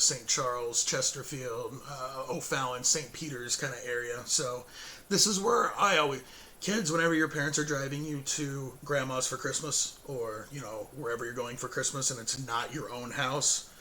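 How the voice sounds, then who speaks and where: A hoarse man hosting his own show, giving a casual, rambling spoken update with fillers, self-corrections and chuckles between sentences. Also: medium pitch, bright, forceful tone, a little hiss or hum.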